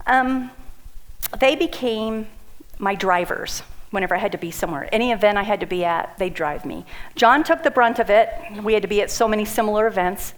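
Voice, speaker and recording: A woman's voice: mid-range voice, brisk, rough recording. A middle-aged woman giving a heartfelt speech about her own story to an audience, acting out what friends said to her. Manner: emotional, heartfelt, animated quoting of others. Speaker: speaker at a community event.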